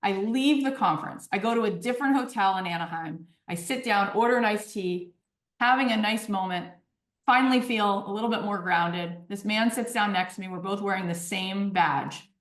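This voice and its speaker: A woman in her forties talks through personal stories as a podcast guest. She speaks with animated energy and keeps checking in with her listener. Her voice sits mid-range and carries a roomy echo. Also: medium pitch, moderate pace, far from the mic. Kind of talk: storytelling in conversation.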